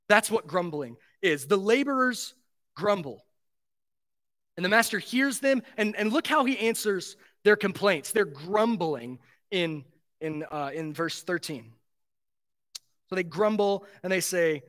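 High-voiced man preaching earnestly. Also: animated, moderate pace, fairly bright tone. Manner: earnest, emphatic preaching with repeated phrases and rhetorical questions. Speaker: pastor. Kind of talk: sermon.

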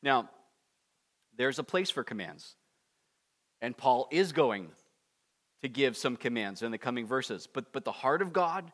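A man preaching a conversational expository sermon, with animated asides and acted-out prayers. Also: mid-range voice, unhurried, pauses often. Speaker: pastor.

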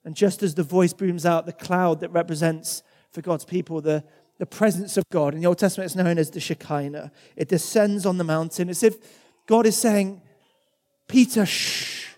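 A man's voice: sits high, fairly even intonation, moderate pace, dark tone. Conversational male preacher in a reverberant hall. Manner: conversational, with acted quotes and repeated words. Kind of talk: sermon.

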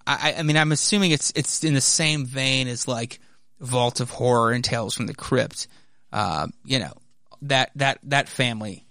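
A man's voice: mid-range voice, normal speed, pushed and bright, no room sound, clean studio sound. Rambling male comic podcast host. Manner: rambling, loose, many fillers and restarts. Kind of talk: casual comic book podcast narration.

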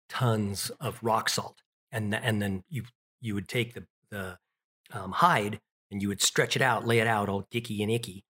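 A man's voice: on the low side, fairly bright tone. A middle-aged man telling childhood stories in an interview, rambling with restarts and fillers. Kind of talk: casual storytelling.

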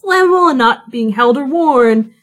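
A woman running a tabletop game, narrating with amusement and frequent laughter. Her voice sits a little high. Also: animated, moderate pace, a bit bright. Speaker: game master.

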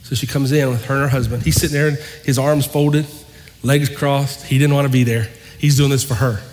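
A male pastor giving a sermon, telling a story in an animated way and acting out the dialogue. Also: mid-range voice, brisk. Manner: animated, acts out quoted dialogue. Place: church. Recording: long hall reverb, faint noise.

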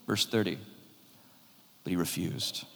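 A man preaching a sermon as pastor, swinging from loud emphasis to hushed, quiet lines. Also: low voice, measured pace, creaky. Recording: long hall reverb.

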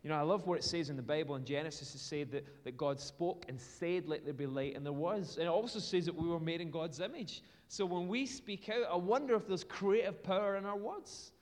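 A man's voice: on the high side, brisk, hardly any pauses. British preacher man in a reverberant hall. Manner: conversational, storytelling with casual fillers. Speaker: pastor. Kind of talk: sermon. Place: church. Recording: long reverb from a large hall.

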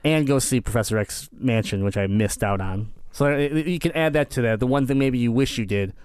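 A man co-hosting a podcast in casual chat, telling trip stories excitedly and laughing often. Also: medium pitch, brisk, smooth, no echo. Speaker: podcast co-host.

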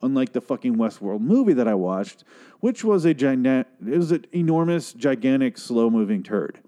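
A man's voice: medium pitch, sing-song, moderate pace, mellow. A man hosting a casual solo podcast, rambling and profane with sarcastic asides, tired and struggling for words. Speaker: podcast host.

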